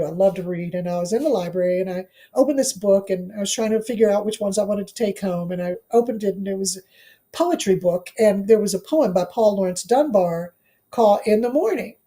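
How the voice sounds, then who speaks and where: A woman's voice: medium pitch, a little fast, mellow. A middle-aged woman from Washington, D.C., a law professor and author, telling her story in an interview, earnest and emphatic, repeating phrases for weight.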